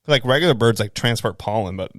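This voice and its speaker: A man's voice: medium pitch, expressive, fast, dry recording, studio quality. A young man co-hosting a podcast in casual chat, loose and laughing, with lots of fillers and swearing. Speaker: podcast co-host.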